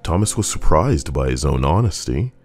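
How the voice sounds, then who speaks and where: Male horror storyteller, extremely deep voice, measured and even, soft music behind. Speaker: narrator. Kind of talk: scripted horror story narration.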